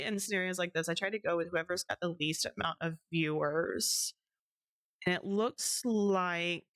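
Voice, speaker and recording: Chatty woman streamer, low dry voice. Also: fairly bright tone, dry recording. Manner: rambling and chatty, with frequent ums and giggles. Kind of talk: casual stream wrap-up chat.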